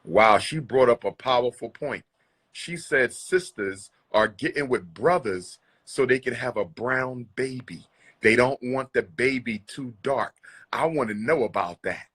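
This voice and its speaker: A man hosts a live call-in show with a husky, slightly rough voice. He talks casually and with emphasis, and his pitch sits in the ordinary middle range for a man. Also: unhurried, fairly bright tone. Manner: emphatic, calls callers queen. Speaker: live talk show host taking callers.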